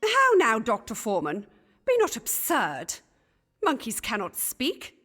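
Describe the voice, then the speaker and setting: Gossipy Elizabethan gentlewoman, high, lively, archaic chatter, game. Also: a little slow, soft background music, heavily acted. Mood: indignant.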